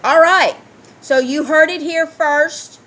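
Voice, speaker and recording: A woman's voice: sits high, takes it slowly, sharp tone. A woman in a heated, ranting solo commentary, reading news aloud and firing rhetorical questions at her listeners.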